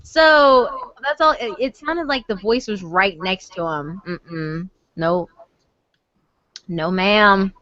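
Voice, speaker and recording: A woman's voice: medium pitch, slow pace, sharp tone, no room sound. A young woman hosting a casual storytelling stream, swearing freely and laughing often. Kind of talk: casual chat with guests. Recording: slightly muffled stream audio.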